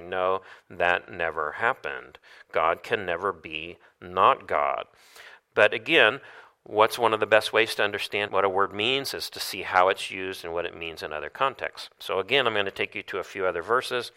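A man delivering a teaching sermon with a lowish, bright, forceful voice. He works through verses one by one and keeps asking his listeners rhetorical questions. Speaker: preacher.

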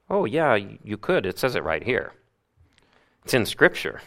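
Male pastor, low voice, animated sermon, loud peaks and hushed asides. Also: moderate pace, vocal fry. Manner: acts out grumbling voices.

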